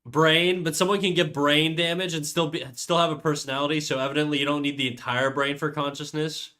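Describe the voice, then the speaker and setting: Brisk and forceful, this young man's bright voice sits on the high side with little pitch movement. He's streaming live with a cold, chatting casually and rambling at his viewers while swearing.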